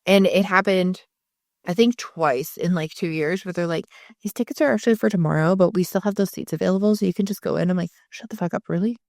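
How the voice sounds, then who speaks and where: A woman's voice: lowish voice, quick pace, vocal fry, darkish tone, no echo, studio quality. A woman co-hosting a podcast, chatting casually in rambling tangents and swearing freely. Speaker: podcast co-host. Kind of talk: casual chat.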